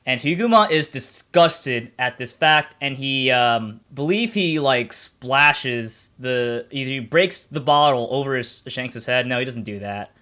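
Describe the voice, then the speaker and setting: A man's voice: mid-range voice, lively intonation, measured pace, hardly any pauses, sharp tone. A man casually retelling a story on a stream, rambling with lots of fillers, restarts and swearing.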